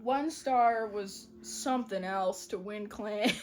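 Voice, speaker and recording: A woman's voice: medium pitch, slow, noisy background. A young adult woman chatting casually, giggly and slangy as she retells a story. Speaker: podcast co-host. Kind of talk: casual chat.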